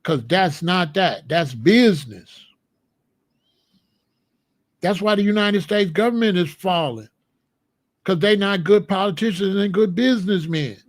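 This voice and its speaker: Man, high voice, dry close sound, blunt and scolding commentator delivering an opinion monologue. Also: dry recording. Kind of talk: opinionated monologue to a live chat.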